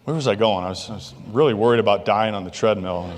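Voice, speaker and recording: A male keynote speaker telling stories in an animated, jokey way to a banquet crowd. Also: lowish voice, fast talker, slight background noise. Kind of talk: motivational keynote storytelling. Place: large banquet hall. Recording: long reverb of a large hall.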